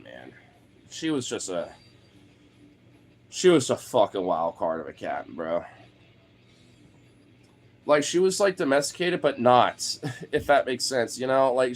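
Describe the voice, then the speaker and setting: A young man tells a story from his own life in loose, rambling chat. His delivery is laid-back and heavy with swearing, and it flares up now and then into exasperation. His pitch sits in the middle range for a man. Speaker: host telling a personal story. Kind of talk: casual storytelling monologue.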